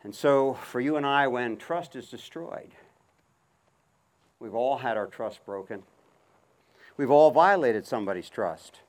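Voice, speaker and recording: A man's voice: mid-range voice, lively intonation, unhurried, long pauses. Preaching man giving a horse demonstration. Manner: calls out commands to a horse, then speaks softly and reflectively. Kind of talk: outdoor sermon with horse demonstration.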